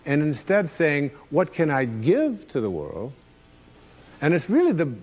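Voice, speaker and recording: A man delivers an inspirational lecture with an animated, rising-and-falling voice, often repeating his phrases for emphasis. His pitch sits a little high for a man. The recording carries a long, ringing reverb. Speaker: self-help speaker.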